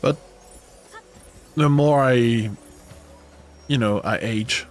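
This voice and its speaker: A man's voice: medium pitch, extremely slow, faint music behind. A man with a French accent, a non-native English speaker who grew up in France, chatting casually and rambling with many restarts while streaming a video game.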